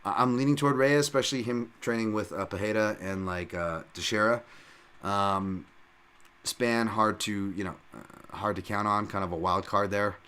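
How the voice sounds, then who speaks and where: A man with a fairly low voice hosts a podcast and talks through fight bets in a loose, off-the-cuff way. He rambles, restarts his sentences, leans on fillers and swears casually. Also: fairly even intonation, normal speed, bright, forceful tone, smooth. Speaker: podcast host. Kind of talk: casual fight-betting breakdown.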